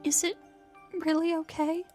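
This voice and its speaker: A woman voicing an anguished, lonely teenage vampire girl with a high, strained, pleading voice, over music. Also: a little slow. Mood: hesitant. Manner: breaks into pained cries. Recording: music playing behind.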